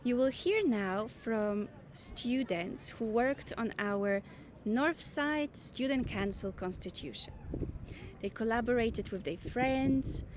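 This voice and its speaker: Teacher lady talking to the kids at assembly, upbeat and encouraging, a bit high, faint hiss behind. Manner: encouraging, addresses children directly. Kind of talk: school assembly announcement.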